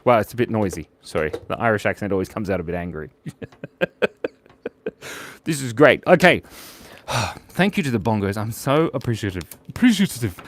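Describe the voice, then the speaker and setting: On a casual drawing stream, a man jokes around and chats with viewers as he works. His voice is lowish with lively intonation and a moderate pace, and there's no echo.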